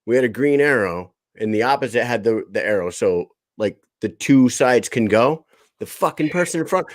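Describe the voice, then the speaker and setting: A man's voice: mid-range voice, expressive, no echo. Male host in his thirties, loose and profane, dry close-miked read. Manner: swears freely, laughs often, quick storytelling. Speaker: podcast host. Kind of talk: casual chat.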